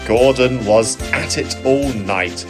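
A man narrating a storybook audio reading in a slow, measured way. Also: medium pitch. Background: music.

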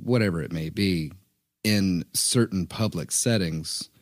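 A man with a low, deep voice chats casually on a podcast. He thinks out loud and keeps checking that his listeners follow him. His voice sits close and dry, with no room sound around it. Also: a little slow, no room sound. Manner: animated, thinking aloud with "you know what I mean". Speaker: podcast co-host. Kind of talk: casual chat.

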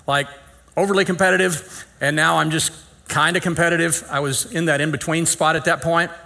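A middle-aged pastor with a sharp, higher-leaning voice tells a folksy, funny story in his sermon. He acts out the dialogue and pokes fun at himself.

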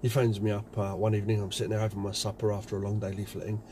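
A man's voice: lowish voice, monotone, very fast, mellow, a little hiss or hum. A man, a window cleaning business owner, telling anecdotes in a chatty casual vlog. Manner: chatty, anecdotal, many fillers.

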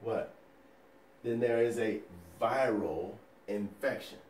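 Energetic man quizzing through a lecture. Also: fairly low pitch, takes it slowly, roomy sound, recorded from a distance, slight background noise. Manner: energetic, quizzing with rhetorical questions; folksy and playful. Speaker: nursing educator. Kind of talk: recorded lecture over slides.

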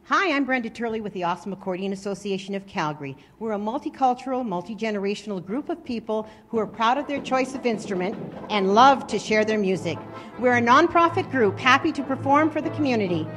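A woman giving a timed pitch for a community group at a live event, talking quickly like an auctioneer. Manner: fast, brisk delivery, talking like an auctioneer. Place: indoor event space with an audience.

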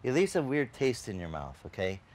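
A man preaching in a loose, conversational way, as if telling a story to friends. He slips into the voices of the people in his tale and often restarts a phrase mid-thought. His voice sits at an ordinary, mid-range pitch for a man. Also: brisk. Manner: animated storyteller who acts out quoted dialogue, with frequent restarts; chatty, addresses the congregation directly. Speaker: pastor.

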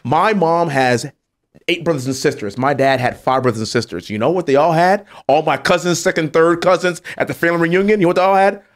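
A man's voice: on the high side, a little fast. A man, a congressman, speaking emphatically on a political talk show and building to indignant peaks. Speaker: congressman guest.

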